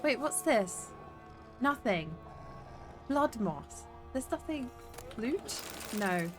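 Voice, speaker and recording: A woman's voice: a little high, big pitch swings, extremely slow, music in the background. A woman streaming a video game, chatting in a playful, sweary way as she plays. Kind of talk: casual gameplay commentary.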